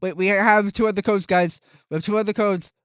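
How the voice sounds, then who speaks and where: A young adult streamer chatting casually and excitedly with viewers while reacting to esports races. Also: mid-range voice, fairly quick, clean tone, no echo, studio quality. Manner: excitable, chatty, jokey, addresses viewers as guys. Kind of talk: casual live-stream commentary.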